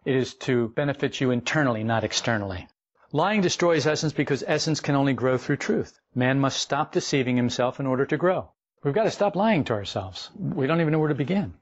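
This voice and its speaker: A man in the middle of his natural pitch range gives a spiritual lecture in a folksy, wry way, slipping into playful asides. The recording sounds a little dull and lo-fi. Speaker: esoteric teacher. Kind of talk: spoken lecture.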